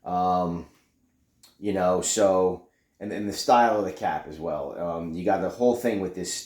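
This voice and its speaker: A man's voice: low-pitched, darkish tone, roomy sound. A man hosting a casual unboxing review video, laid-back, cursing freely and saying "you know" a lot. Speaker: video host.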